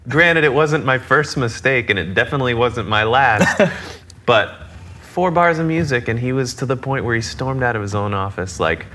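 Bright-voiced man telling a lively story. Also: mid-range voice, moderate pace, a little hiss or hum. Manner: animated, laughing storyteller. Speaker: guest drummer. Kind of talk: casual storytelling interview.

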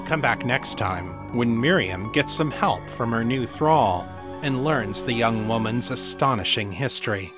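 A man narrating his own novel in steady, even storytelling as author and audiobook reader. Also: mid-range voice, unhurried, music in the background. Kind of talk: scripted narration.

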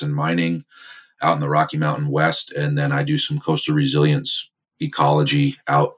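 A man's voice: a bass voice, slightly rough. A man from New Jersey, an ecologist, answering interview questions in a plain, matter-of-fact way. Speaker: ecologist guest.

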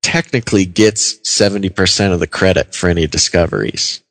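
A man's voice: low voice, a little fast, gravelly, a bit bright, no echo. A man co-hosting a podcast in casual banter, joking and laughing often. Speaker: podcast co-host.

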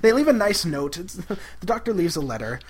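A man's voice: sits high, very animated, brisk, background noise. A man co-hosting a podcast, recapping an episode in casual chat, enthusiastic and giggly with lots of fillers. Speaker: podcast co-host.

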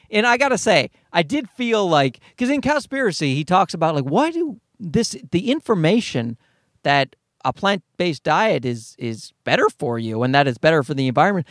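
A man's voice: a little high, very animated, moderate pace, no echo, clean studio sound. A man hosting a podcast, rambling through a profane comedic monologue with bursts of mocking put-on voices. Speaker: podcast host.

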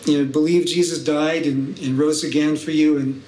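A middle-aged man tells his story in a thoughtful way, with touches of dry humour. His voice sits a little high for a man, and the recording is roomy, with faint noise behind him. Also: fairly even intonation, moderate pace, a little mellow. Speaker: guest, professor and scholar. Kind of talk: podcast interview.

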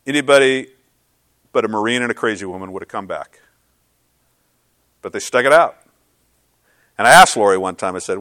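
A man preaching a sermon as pastor, earnest and swinging from loud to hushed. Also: fairly low pitch, animated, fairly quick, long pauses, no room sound.

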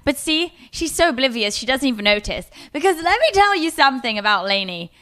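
A young woman co-hosting a casual talk show, dry and joking, who often trips over words. Her voice sits fairly high. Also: brisk. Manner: deadpan, playful, stumbling over words. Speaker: co-host. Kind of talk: casual chat.

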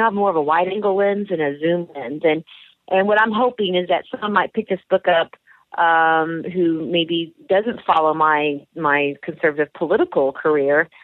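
This is an actress and author speaking candidly in a radio interview about her career and writing, with lots of fillers and restarts as she rambles. Her voice is lowish, and the audio is dry and narrow-band like a phone, without echo.

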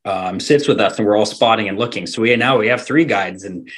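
A man's voice: lowish voice, fairly quick, a bit bright, slightly rough. A man from Alaska, a hunting guide, telling a long story in a casual, rambling way with fillers, restarts and laughs. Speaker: hunting guide and podcast guest.

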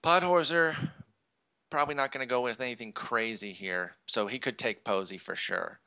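A man's voice: medium pitch, normal speed, bright, forceful tone, clear, resonant tone, highs cut off. A man co-hosting a podcast, chatting casually while drafting a fantasy team and breaking into frustrated, swearing outbursts. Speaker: podcast co-host. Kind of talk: casual chat during a live fantasy draft.

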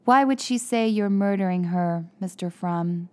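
A blunt, probing policewoman, read by a woman narrator in an audiobook. She asks pointed questions in a firm, steady voice. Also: medium pitch, unhurried, lightly acted. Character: blunt, probing adult female police officer.

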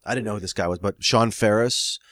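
The clean, dry studio recording captures a man with a fairly low but fairly bright voice speaking a little fast. It's casual podcast storytelling: he spins a long screenwriting anecdote, laughing frequently and performing quoted phone calls.

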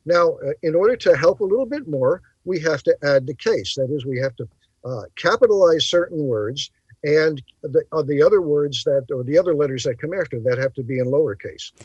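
A man hosting a bible talk show, explaining in a teacherly way and pausing to stress his points. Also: a little high, lively intonation, darkish tone, breathy edge, no room sound, highs cut off. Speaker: podcast host.

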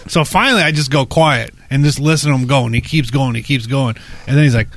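A man with a fairly high voice tells a crude story in loose, profane chat. He bursts into raised voices to act out the people in it. The sound is dry and close. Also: quick pace, few pauses, no room sound.

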